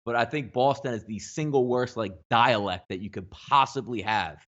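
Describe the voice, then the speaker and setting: A man's voice: mid-range voice, moderate pace, a bit bright, lo-fi sound. A man with a Philadelphia accent co-hosting a casual sports talk show, rambling with lots of filler words. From Philadelphia area. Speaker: co-host. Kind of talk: casual sports radio banter.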